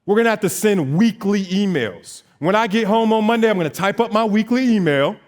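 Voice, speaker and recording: Animated young man telling his story. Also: high-pitched, brisk. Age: 20s. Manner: animated storytelling, acts out dialogue. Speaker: notary business owner. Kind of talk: motivational stage talk.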